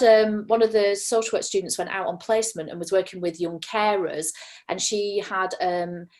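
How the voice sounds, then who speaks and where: A woman speaking on a webinar panel, chatty and self-correcting as she tells examples. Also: mid-range voice. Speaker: university lecturer and panelist. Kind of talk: casual webinar talk.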